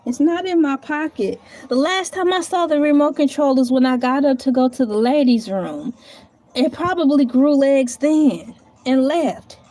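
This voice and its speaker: A woman's voice: high voice, animated, moderate pace, dark tone. A woman live streaming from home in casual chat, thanking viewers and talking to herself while she types and searches around her table. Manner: chatty, talks to herself while searching and typing.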